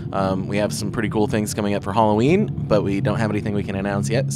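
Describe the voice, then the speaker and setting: A man's voice: deep voice, background noise. A man in a band, talking loosely in an interview with lots of fillers. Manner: relaxed, filler-heavy. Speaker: band member. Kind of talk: casual interview chat.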